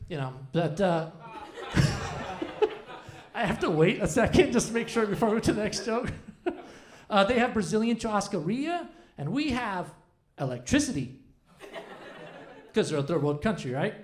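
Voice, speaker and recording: Guy in his 40s doing stand-up, rambly, trips over himself a lot, pitch jumps all over. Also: sing-song, normal speed, long pauses. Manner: rambling, self-deprecating, many restarts. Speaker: stand-up comedian. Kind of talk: stand-up comedy set. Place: comedy club stage.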